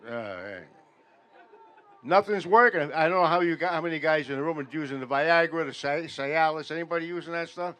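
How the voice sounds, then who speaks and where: A man doing a stand-up comedy set in a veterans' hall, telling deadpan stories that build louder toward each punchline. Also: fairly high pitch, fairly quick, clear, resonant tone, some chatter behind. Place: veterans' hall function room.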